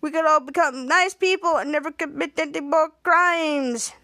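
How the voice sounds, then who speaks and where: Brief: teen boy sidekick in disguise, upbeat, high voice, read by a woman. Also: normal speed, bright, forceful tone, no echo, studio quality.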